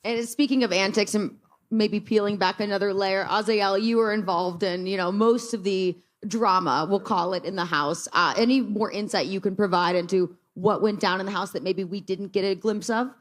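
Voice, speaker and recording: A woman's voice: mid-range voice, fairly even intonation, normal speed. A woman moderating a press conference, upbeat and lightly joking as she introduces fighters and asks them questions.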